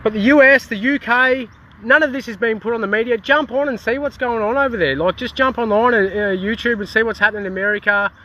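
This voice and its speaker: A man's voice: very high voice, quick pace, sharp tone, muffled recording. An Australian man in a casual activist rant, heated and swearing, with many restarts, recorded outdoors in a town.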